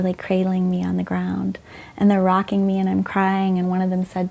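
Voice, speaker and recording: A woman's voice: medium pitch, level tone, fairly quick, vocal fry, warm tone. A middle-aged woman, a former doctor, telling frank, emotional stories in an interview and quoting people as she goes. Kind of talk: candid conversational storytelling.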